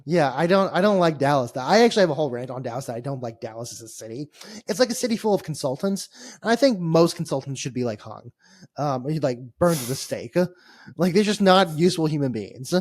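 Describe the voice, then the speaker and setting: A man's voice: fairly high pitch, animated, fast, no echo, clean studio sound. A man co-hosting a podcast, telling a long travel story in a rambling, wry, exasperated way. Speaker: podcast co-host. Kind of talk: casual chat.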